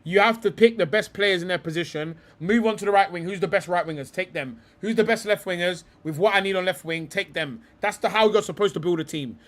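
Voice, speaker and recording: A man's voice: sits high, a little fast, few pauses. A young man hosting a live stream, talking football in a rambling, heated way, swearing often and calling people bro.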